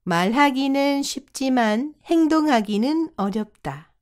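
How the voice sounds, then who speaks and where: A woman reads Korean prompts for a lesson very quickly, saying each short one once and crisply. Her voice is slightly high with a lively pitch.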